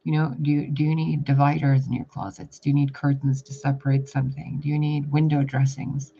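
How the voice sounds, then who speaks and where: A brisk, creaky, slightly high male voice with little pitch movement belongs to a spiritual reader delivering a casual channeled message. He is rambling and blunt and swears casually. The recording is dull lo-fi with loud background noise.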